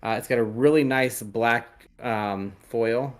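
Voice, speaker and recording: A man hosting a podcast, casually showing tarot decks in a rambling, hesitant way with many pauses and fillers. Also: mid-range voice. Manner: rambling, hesitant, lots of ums. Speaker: podcast host reading tarot. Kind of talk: casual chat.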